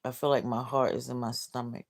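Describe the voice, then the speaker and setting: A woman's voice: rumbling low, level tone, fairly quick, vocal fry. A middle-aged woman hosting a livestream, downcast and heartbroken, reading out comments bluntly with swearing and laughs. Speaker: livestream host.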